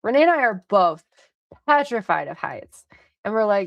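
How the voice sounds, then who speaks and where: A young woman streamer rambling through a story with an easy, gravelly fry. She laughs often and swears casually. Her voice is close and dry on a desk mic. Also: medium pitch, sing-song, moderate pace, no room sound.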